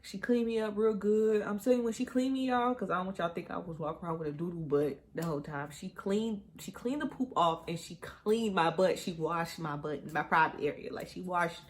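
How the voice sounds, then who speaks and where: A woman's voice: lowish voice, fairly quick, hardly any pauses. Chatty young woman telling a candid story. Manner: animated and candid, often drops into hushed asides and laughs at herself; talks straight to viewers with frequent y'all. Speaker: mother telling her birth story. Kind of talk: casual storytime vlog.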